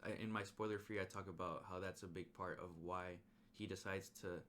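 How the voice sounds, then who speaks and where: Casual male movie reviewer, very low voice, chatty rambling recap, slangy delivery. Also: fairly quick, slight background noise. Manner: rambling, animated retelling with slang and restarts.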